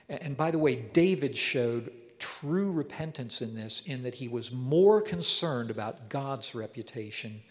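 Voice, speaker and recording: A man giving an earnest, emphatic verse-by-verse Bible lesson as a teacher. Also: medium pitch. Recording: long hall reverb.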